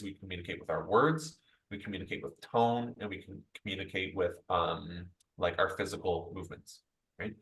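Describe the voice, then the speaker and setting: Male sales trainer, slightly low voice, chatty coaching delivery, keeps checking in with "right?". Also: low-quality recording. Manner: chatty, tags most points with "right?"; upbeat coaching tone, addresses group directly. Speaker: real estate sales trainer. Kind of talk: conversational training presentation.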